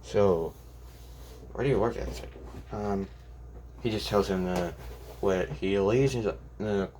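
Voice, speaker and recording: A young man with a low, deep voice tells a fan-made story off the cuff. He rambles, backtracks and keeps quoting the characters' lines in his own everyday voice. Faint ambient noise sits behind him. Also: measured pace, mellow. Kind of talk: improvised fan story narration.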